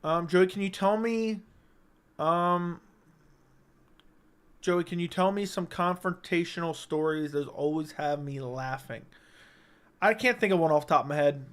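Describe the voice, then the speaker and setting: A man's voice: on the high side, measured pace, long pauses, clear, resonant tone. A young man hosting a casual livestream, telling stories animatedly with frequent swearing and "right?" asides. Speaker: livestream host.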